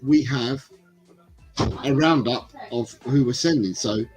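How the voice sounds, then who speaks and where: Taking it slowly, this English livestream host reads chat comments about football aloud and wanders off between them. His voice is mid-range, music runs in the background, and the audio is rough.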